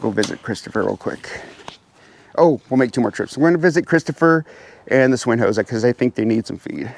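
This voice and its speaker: Bird-keeper vlogger, man, chatty, mid-pitched voice, slips into a higher coaxing tone when he addresses his birds. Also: expressive, fairly quick, creaky. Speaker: pheasant farmer and channel host. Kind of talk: casual vlog narration while doing chores. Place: outdoor aviary pens.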